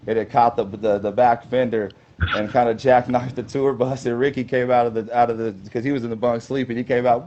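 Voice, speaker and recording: A man's voice: medium pitch, fairly even intonation, fairly quick, darkish tone, a little hiss or hum. A man as an interview guest, telling long casual stories in a rambling way and filling gaps with "you know". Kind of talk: casual storytelling. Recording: slightly dull lo-fi sound.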